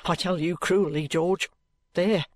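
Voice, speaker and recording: A man's voice: high-pitched, steady tone, unhurried, no room sound. A man reading an audiobook, voicing a middle-aged soldier's wife who scolds with emphasis and near tears. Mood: reproachful. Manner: emphatic, reproachful, tearful. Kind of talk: audiobook character voice.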